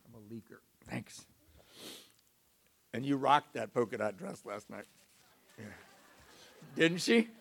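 A man's voice: mid-range voice, expressive, unhurried, creaky, pauses often, slightly rough. A middle-aged man giving a confessional, emotional, self-mocking personal testimony as a recovery speaker.

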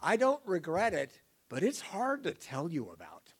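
A man's voice: on the high side, huge pitch swings, measured pace, breathy edge. A middle-aged man giving a confessional, emotional, self-mocking personal testimony as a recovery speaker.

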